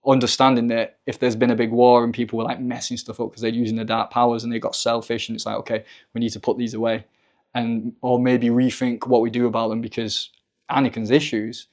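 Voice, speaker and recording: Male podcast guest with an even, flat delivery, musing at length in loose casual talk. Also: mid-range voice, a little fast. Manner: thoughtful, rambling with fillers. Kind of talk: casual spiritual discussion.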